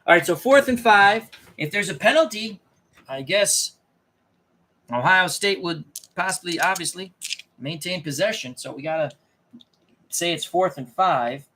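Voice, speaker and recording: A man's voice: high voice, lively intonation, measured pace, pauses often, bright, forceful tone. A man casually thinking aloud as he plays a tabletop dice game, often muttering and correcting himself. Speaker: tabletop game player and channel host.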